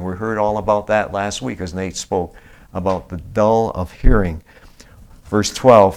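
A man, an elder of a small church, preaching a sermon, reading scripture slowly and with emphasis, then explaining it in plain talk with fillers and restarts. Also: on the low side. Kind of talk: expository sermon.

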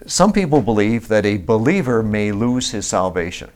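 A man, an elder of a small church, preaching a sermon, reading scripture slowly and with emphasis, then explaining it in plain talk with fillers and restarts. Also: on the low side, very animated, a little mellow. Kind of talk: expository sermon.

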